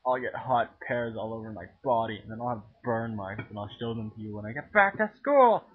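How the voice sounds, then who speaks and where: A teenage boy goofing around while he films himself cooking at home, crude and joking, with sudden loud yells. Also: lowish voice, expressive, fairly quick, breathy edge. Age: teens. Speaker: home cooking video maker. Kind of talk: goofy profane cooking vlog. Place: home kitchen. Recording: tinny lo-fi home camera audio.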